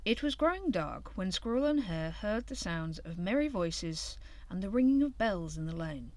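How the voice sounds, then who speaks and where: A woman reading a children's storybook aloud in an expressive, lively way. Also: mid-range voice, normal speed, no room sound.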